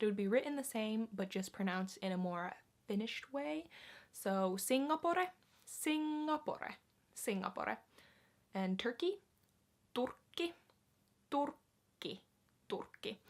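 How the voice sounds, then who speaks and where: A woman in her twenties hosting a casual language lesson, saying each word slowly and clearly several times for learners. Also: medium pitch, a bit bright. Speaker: language teacher and channel host.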